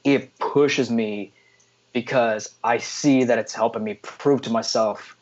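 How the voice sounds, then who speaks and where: A man's voice: medium pitch, slow, dull audio. A man in his forties, a guest on a casual podcast interview, telling stories with lots of energy and salty slang. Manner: energetic storytelling with frequent "freaking" and "man". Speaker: guest photographer.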